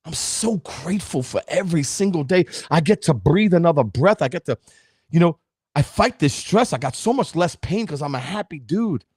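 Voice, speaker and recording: Lively husky New man in his fifties. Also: a little high, moderate pace, no echo, studio quality. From Brooklyn, New York. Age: 50s. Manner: emphatic, preachy, addresses listeners directly. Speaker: podcast host. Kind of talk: motivational podcast talk.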